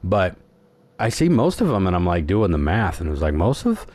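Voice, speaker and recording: A man's voice: sits low, big pitch swings, brisk, a little mellow. A middle-aged man hosting a podcast, telling stories in a rambling, laid-back way. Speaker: podcast host. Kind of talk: casual chat.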